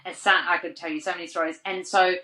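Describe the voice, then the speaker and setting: An Australian woman on a podcast as a guest, telling lively stories full of "like" and acted-out quotes. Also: lowish voice, fast, crowd noise, low-quality recording. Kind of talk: casual interview storytelling.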